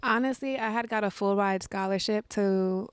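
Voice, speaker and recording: Cali woman in her 30s, smooth clear voice, dry close sound, laid back and kinda coy. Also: mid-range voice, normal speed, no room sound. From California. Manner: relaxed, coy, playful. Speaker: guest musician. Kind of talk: casual interview chat.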